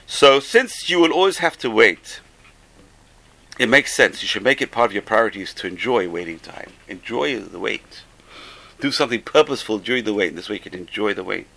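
A man's voice: mid-range voice, vocal fry, bright, forceful tone, no echo, low-quality recording. A man, teaching a Torah class, who repeats key phrases for emphasis and tells jokes along the way. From England.

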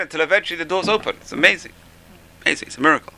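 Gravelly male teacher with a very bright tone, enthusiastic informal religious class. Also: on the high side, big pitch swings, rapid-fire, rough recording. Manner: enthusiastic, repeats "amazing". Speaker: Torah teacher.

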